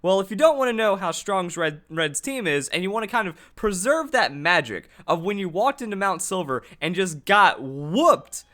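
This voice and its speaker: A man giving excited, fast commentary on a game, restarting his sentences often. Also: high-pitched. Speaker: gaming youtuber.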